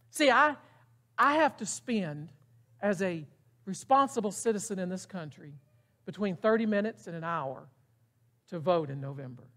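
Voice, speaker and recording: A man's voice: sits high, a bit bright. A middle-aged man preaching a sermon in a casual, emphatic way, often putting questions to the congregation. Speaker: pastor.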